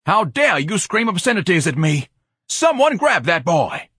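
A man's voice: mid-range voice, sing-song, moderate pace, fairly bright tone, husky, dry recording, studio quality, voice pushed up. A man voicing a pompous, fussy grown man who speaks in lofty, formal phrases. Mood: shrieking. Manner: haughty, lofty, fussy diction, shrieks when upset.

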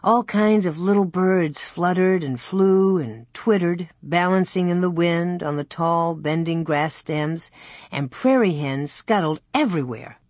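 An audiobook narrator reading a story in a slow, measured storytelling manner into a close studio mic. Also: medium pitch, darkish tone, dry recording. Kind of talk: scripted narration.

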